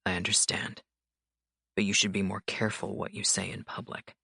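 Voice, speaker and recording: A cool, controlled mafia boss in a lowered, gravelly voice. He speaks calmly and evenly, with a husky edge, and the recording is dry and close. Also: no room sound, exaggerated voice. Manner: calm, low, measured delivery.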